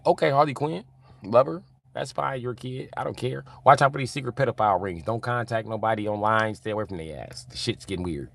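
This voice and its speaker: A man streaming live and reading chat aloud, in loose, animated, profane banter with frequent laughter. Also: medium pitch, brisk, vocal fry, no echo.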